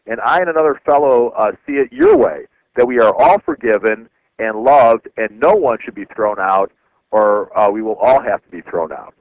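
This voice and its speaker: A man's voice: mid-range voice, very animated, vocal fry, no echo. A man hosting a talk radio show, reading listener emails aloud with frequent "uh" fillers. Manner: halting, many "uh" fillers. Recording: dry phone-line sound.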